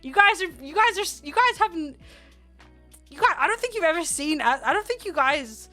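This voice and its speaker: A young adult woman streaming and chatting casually with her viewers, rambling and giggly, sometimes breaking into loud playful yelling. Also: extremely high pitch, very animated, moderate pace. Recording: faint music behind.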